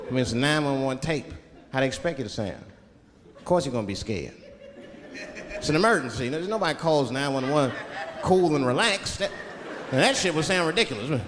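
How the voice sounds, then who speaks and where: A man doing stand-up comedy in front of a live audience, telling stories in a conversational, expressive way. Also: medium pitch, a little fast, long pauses, a crowd in the background. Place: theater stage before a live audience. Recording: reverberant hall, audience noise.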